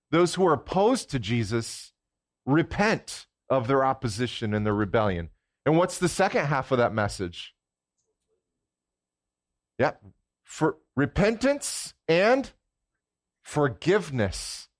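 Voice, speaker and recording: A man giving a sermon as guest preacher in a church, talking in a relaxed, conversational way and putting questions to the congregation. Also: medium pitch, slow, long pauses, dry recording, studio quality.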